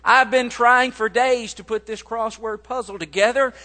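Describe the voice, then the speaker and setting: A man voicing a sweet older white-haired mother who is frantic and near tears, talking high and rushed. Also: steady tone, pushed and bright, big-room sound. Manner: high, agitated, rushing.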